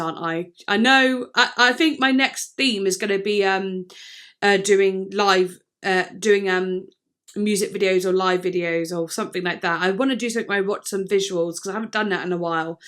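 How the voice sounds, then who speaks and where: A young woman hosting a music reaction video, talking casually and candidly, swearing freely and thinking out loud with plenty of fillers. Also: medium pitch.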